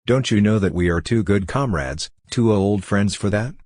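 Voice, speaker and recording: A man reading a calm, gently sarcastic young woman in an audiobook, with little change from his own voice. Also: fairly low pitch, normal speed, no echo, studio quality, natural voice. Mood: teasing. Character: young woman, cool and teasing.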